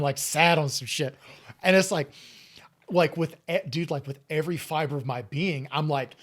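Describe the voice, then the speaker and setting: A man hosting a podcast interview, a psychologist talking in a candid, animated way with frequent swearing. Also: a little high, a little fast. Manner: candid, profane, animated storytelling. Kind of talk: casual interview chat.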